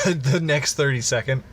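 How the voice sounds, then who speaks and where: A young man co-hosting a podcast, teasing his partner with drawn-out comic interjections. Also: medium pitch, a little hiss or hum. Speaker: podcast co-host. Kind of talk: casual comedic banter.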